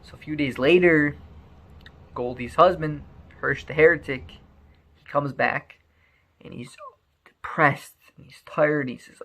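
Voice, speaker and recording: Male storyteller, animated, stammery restarts, gravelly tone. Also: a little high, unhurried, pauses often. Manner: animated, repeats words often.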